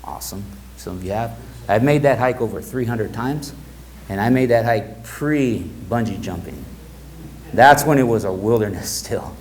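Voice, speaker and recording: A middle-aged man speaking as a guest to a live audience, telling stories in a relaxed way and acting out the quoted dialogue. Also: lowish voice, moderate pace, slight background noise, rough recording. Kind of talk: storytelling talk to an audience.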